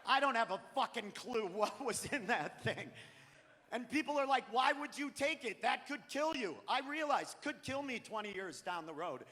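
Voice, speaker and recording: High, sharp-voiced comedian ranting on a theater stage. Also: male voice, lively intonation, moderate pace. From Maine. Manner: profane, ranting, bursts into shouting. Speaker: stand-up comedian. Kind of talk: live stand-up set. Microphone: handheld stage mic. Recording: live theater stream with long hall reverb.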